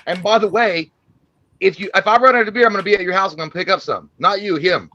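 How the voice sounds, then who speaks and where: A man's voice: sits high, fast talker, pushed and bright, dull audio. A man co-hosting a live movie stream, chatting casually with profane, crude jokes.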